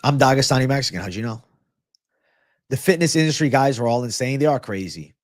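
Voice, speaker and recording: A man's voice: mid-range voice, lively intonation, a little fast, no room sound, clean studio sound. A young man hosting a live MMA and fitness stream, chatting casually, swearing and thanking viewers. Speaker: livestream host.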